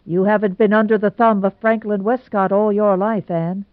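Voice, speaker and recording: A woman narrator plays a gloomy, lovesick young man, earnest and complaining, pushing his words out louder. The sound is thin and phone-like, with no room in it. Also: mid-range voice, steady tone, normal speed, no room sound, lightly acted. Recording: tinny phone-like sound, dry.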